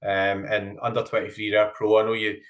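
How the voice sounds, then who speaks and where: A man's voice: lowish voice, monotone, brisk. A man hosting a casual chat with a friend, upbeat and laughing easily, with plenty of ums. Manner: chatty, laughs often, says um a lot. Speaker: host.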